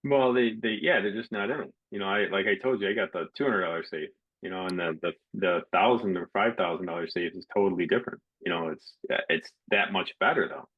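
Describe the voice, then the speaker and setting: A man with a low, husky voice hosts a relaxed interview. He tells stories with animation and acts out the people in them. The audio sounds a little dull and lo-fi. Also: a little fast. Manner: animated storyteller, acts out quotes. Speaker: podcast host. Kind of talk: casual interview chat.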